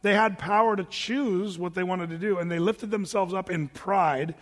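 A man's voice: high voice, moderate pace, long reverb tail. A man preaching a Bible-teaching sermon in a conversational, plain-spoken way, with casual asides to the congregation. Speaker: pastor.

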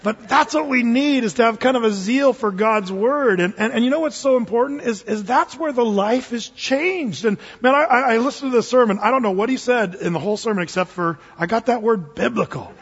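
A middle-aged man preaching a sermon to his church, telling stories and jumping into loud impressions. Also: very high voice, a little fast, hardly any pauses, slightly rough. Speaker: pastor. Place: church sanctuary. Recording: dull lo-fi recording with long hall reverb.

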